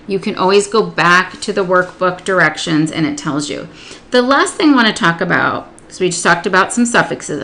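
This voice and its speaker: A woman teaching early literacy, explaining a workbook lesson step by step and slowing down to sound out words and syllables. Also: mid-range voice, sharp tone. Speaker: literacy tutor. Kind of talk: instructional demonstration.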